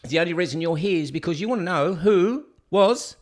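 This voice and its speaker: A man's voice: sits high, lively intonation, brisk, noisy background. Joking male live-stream host. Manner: chatty, joking, talks back to clips. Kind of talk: casual live-stream chat.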